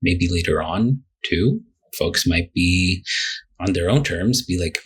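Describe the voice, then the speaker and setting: Husky low-voiced man, animated therapist. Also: slow pace. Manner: animated, acts out client quotes, many fillers. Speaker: therapist guest. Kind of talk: casual podcast conversation.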